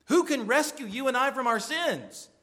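A man's voice: extremely high pitch, lively intonation, moderate pace, pushed and bright. A male pastor preaching a sermon with earnest emphasis, his voice rising on pointed questions.

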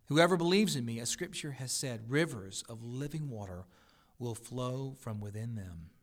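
A man reading the words of Jesus aloud as a calm, firm teacher, solemn and deliberate. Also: medium pitch, lightly acted.

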